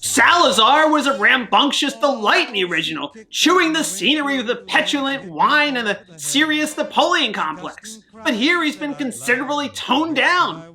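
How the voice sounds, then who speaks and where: Brief: woman host reading a game review script, wry and jokey, crisp bright tone, lively intonation. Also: sits high, normal speed, few pauses.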